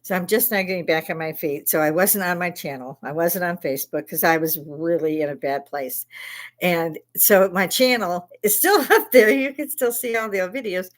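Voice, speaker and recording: A woman's voice: on the low side, normal speed. A middle-aged woman from Chicago, an Army veteran hosting her own channel, talking casually in a blunt, profane rant and laughing often between complaints. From Chicago, USA. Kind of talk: casual ranting livestream chat.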